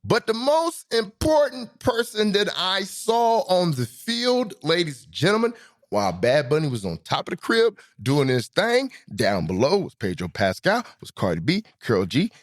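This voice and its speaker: A man hosting a podcast in a comedic monologue, talking animatedly, swinging between high and low pitch and laughing often. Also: big pitch swings, normal speed. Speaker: podcast host.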